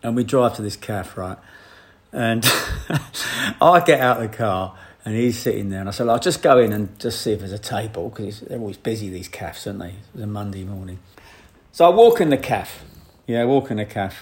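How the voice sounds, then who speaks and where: A man, a photographer, telling a rambling, animated anecdote with frequent laughs. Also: lowish voice, normal speed. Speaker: photographer guest. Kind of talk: anecdote in casual chat.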